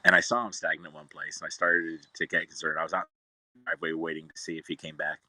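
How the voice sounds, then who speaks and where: A man's voice: very deep voice, level tone, quick pace, sharp tone, dry recording, low-quality recording. A man casually telling a rambling, exasperated story about his cat, now and then calling to his pets. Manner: chatty, exasperated, talks to his cats in between. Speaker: cat owner vlogger.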